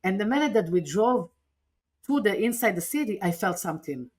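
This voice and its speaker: A woman recounting a personal story as a podcast interview guest, earnest and animated, often restarting her sentences. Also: mid-range voice, a little fast, slightly rough.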